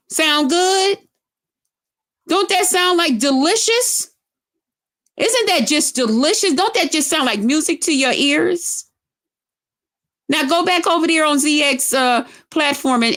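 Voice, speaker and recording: Middle-aged woman vlogger, fairly high voice, loud cursing rant, taunting and emphatic delivery. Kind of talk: profane on-camera rant.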